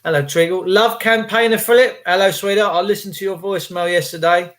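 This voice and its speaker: A man's voice: high voice, fairly even intonation, fairly quick, fairly bright tone. A man hosting a casual live stream, greeting viewers by name in a chatty, cheeky way and slipping into rants. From England. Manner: chatty, cheeky, ranting at times.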